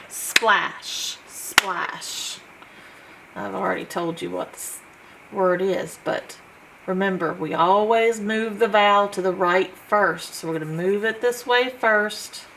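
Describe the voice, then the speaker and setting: Woman, phonics teacher, unhurried delivery, patient sounding-out, faint background noise. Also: mid-range voice, fairly bright tone, rough recording. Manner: slow, patient, sounds out letters one by one. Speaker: homeschool teacher. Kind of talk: phonics lesson.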